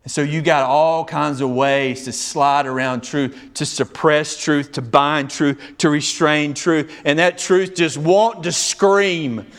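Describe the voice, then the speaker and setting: A male pastor preaching a sermon, swinging between loud, raised passages and hushed, low ones. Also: steady tone, a little slow, few pauses.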